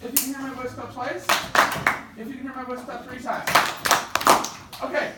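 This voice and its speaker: A man's voice: very high voice, level tone, normal speed. Male teacher in a very echoey classroom. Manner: directive, calls on students by name. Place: school classroom. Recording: very echoey classroom from far off, noisy.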